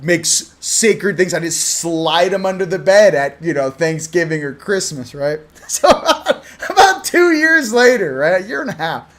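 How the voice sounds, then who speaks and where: A man from Southern California hosting a spiritual channel, talking casually to camera, animated and laughing, swinging from hushed to loud. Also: high voice, measured pace. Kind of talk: casual direct-to-camera talk.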